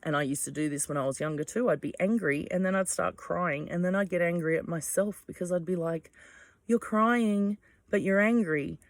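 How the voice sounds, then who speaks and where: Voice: medium pitch, fairly even intonation, fairly quick, few pauses, no room sound. A vlogger talking in a frank, rambling monologue, full of ums and asides and casual swearing.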